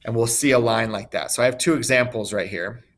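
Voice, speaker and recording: A man's voice: mid-range voice, brisk, a bit bright. A man teaching a recorded lesson in a casual, chatty way, with asides and fillers. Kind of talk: recorded screen-share lesson.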